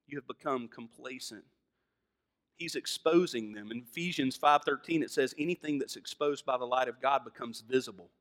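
A man with a Southern American accent preaching a sermon, moving from hushed lines to loud, fervent emphasis. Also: medium pitch, normal speed. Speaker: pastor.

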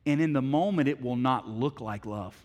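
A middle-aged man preaching a sermon as pastor, telling a story with swings from hushed words to loud, emphatic ones. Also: mid-range voice, normal speed, big-room sound, lo-fi sound.

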